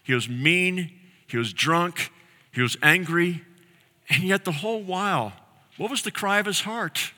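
A male pastor delivers a sermon with a sharp, bright and fairly high voice. He tells a story earnestly and slows down to lean on key phrases. A long reverb trails every line, as in a large hall. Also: expressive.

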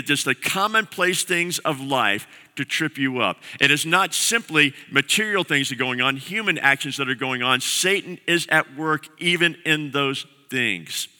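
Bright-voiced preaching man in a reverberant hall. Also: on the high side. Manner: earnest preaching with repeated phrases. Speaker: pastor. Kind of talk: sermon. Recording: long reverb of a large hall.

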